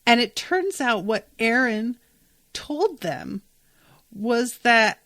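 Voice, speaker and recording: Slow, gushing woman podcaster. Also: a little high, expressive, fairly bright tone, no room sound. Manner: gushing, swears freely. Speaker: podcast host. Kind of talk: casual episode recap.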